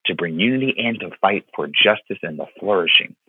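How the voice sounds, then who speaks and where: A man's voice: sits low, expressive, fairly quick, husky, dry recording. A man in his thirties from Florida, a pastor telling a personal story in an interview, earnest and heartfelt, with many fillers and repeated words. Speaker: pastor, podcast guest. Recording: dry, tinny phone-line sound.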